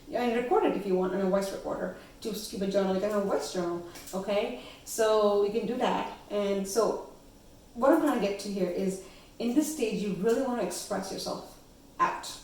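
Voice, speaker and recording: A woman's voice: mid-range voice, a little mellow, distant mic. A woman talking casually as a spiritual coach, often checking in with "okay?". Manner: chatty, frequent "okay?" check-ins and laughs. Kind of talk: casual teaching monologue. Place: her house. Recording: echoey room, voice from off-mic.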